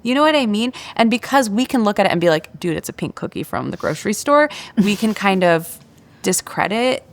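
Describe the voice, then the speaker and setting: A woman guest in a podcast interview, telling a parenting story in a candid, animated way and acting out the voices she quotes, with many filler words. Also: mid-range voice, brisk.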